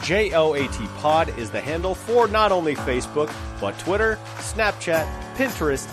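A man's voice: fairly high pitch, big pitch swings, normal speed. Upbeat man reading a podcast outro over music. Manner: upbeat, promotional sign-off delivery. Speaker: podcast host. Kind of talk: scripted outro narration. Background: music bed.

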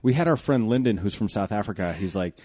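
American male podcast host, low voice, very animated, jokey; dry close mic. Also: fast, slightly rough, no echo. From United States. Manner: animated, jokey, laughs loudly. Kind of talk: casual podcast interview.

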